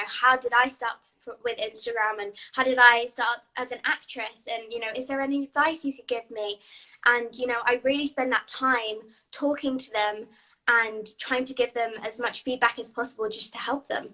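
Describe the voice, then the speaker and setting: A bright, slightly high woman's voice answering interview questions. She speaks in a friendly, easygoing way, with casual asides. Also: steady tone, moderate pace, poor audio. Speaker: actress guest. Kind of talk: interview chat.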